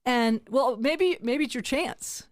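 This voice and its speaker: A woman's voice: high-pitched, slow, dry recording. Older woman host, casual comic chat, dry close mic. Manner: laughs often, self-deprecating. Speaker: comedian podcast host. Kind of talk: casual comedy podcast chat. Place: at home.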